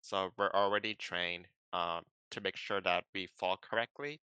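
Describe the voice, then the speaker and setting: A man in casual conversation, explaining judo throws in a relaxed way with plenty of ums and likes. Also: deep voice, moderate pace, clear, resonant tone, no echo, muffled recording. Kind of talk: casual chat.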